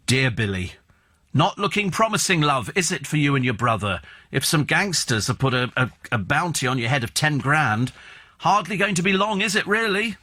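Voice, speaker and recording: A man's voice: a little high, pushed and bright. A male radio presenter reviewing newspaper stories with scornful, sarcastic asides and mocking tag questions, in a studio.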